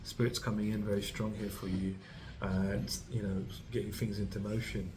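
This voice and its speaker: Low, flat-voiced man giving a tarot reading. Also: normal speed, background noise. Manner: rambling, full of fillers and restarts; reassuring, speaks directly to the listener. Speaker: tarot reader.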